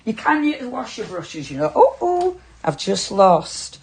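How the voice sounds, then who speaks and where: A woman's voice: on the high side, sing-song, a little slow, a little mellow, slightly rough. A woman presenting a live craft demonstration on a shopping channel, chatty and effusive, greeting viewers by name. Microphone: earpiece with producer talkback.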